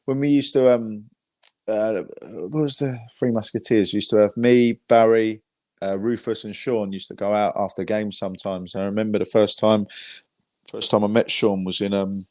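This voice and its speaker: Guy, lowish voice, dry close sound, chatty and sweary guest storyteller. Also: steady tone, moderate pace, darkish tone, no echo. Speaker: guest, football fan. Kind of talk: casual podcast chat.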